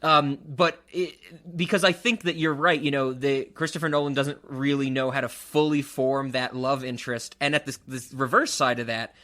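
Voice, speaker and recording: A man's voice: medium pitch, steady tone, normal speed, hardly any pauses, bright, forceful tone. A man co-hosting a film podcast, rambling casually with lots of fillers and frequent laughs. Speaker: podcast co-host. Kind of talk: casual chat.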